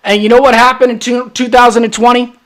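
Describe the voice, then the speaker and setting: Brash high-voiced sports podcast host, a man. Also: little pitch movement, fast talker, fairly bright tone. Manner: brash, trash-talking, hyped. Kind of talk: solo sports podcast monologue.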